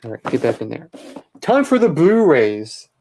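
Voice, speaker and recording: A man in a casual vlog, going through his movie collection and giving chatty, opinionated takes, often pausing with uh and um. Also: on the high side, sing-song, darkish tone, a little hiss or hum. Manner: chatty, opinionated, with many uhs while listing titles. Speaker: vlogger showing his DVD collection.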